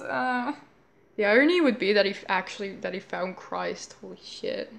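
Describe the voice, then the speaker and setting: A woman's voice: medium pitch, lively intonation, a little fast, gravelly, a bit bright, slight background noise. A young woman reacting to a children's show, swearing and exasperated, with sarcastic commentary. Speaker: reaction video host.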